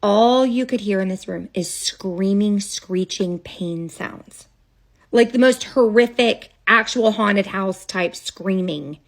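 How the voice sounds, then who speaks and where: A woman's voice: medium pitch, slow, gravelly. A woman telling a childhood story straight to a phone camera, casual and dramatic, with chatty asides.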